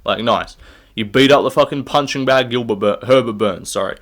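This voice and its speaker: A young Australian man stands up to record a rambling, profane, opinionated solo rant giving his MMA fight picks. His voice is mid-range and a bit bright, at a moderate pace.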